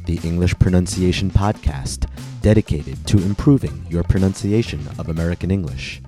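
A man hosting a scripted pronunciation lesson, speaking slowly and deliberately with careful articulation. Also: sits low, dark tone, faint music behind. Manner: slow, deliberate, clearly articulated instruction. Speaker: host, pronunciation teacher.

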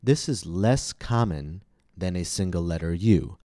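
Deep-voiced American man teaching pronunciation. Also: animated, dark tone, dry recording, studio quality. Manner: slow, carefully enunciated teaching delivery. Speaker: pronunciation podcast host. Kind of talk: scripted pronunciation lesson.

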